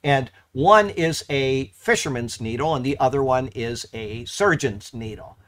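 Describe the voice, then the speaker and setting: A man teaching verse by verse through a Bible letter, halting and correcting himself, then pressing points with emphasis. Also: mid-range voice, a bit bright.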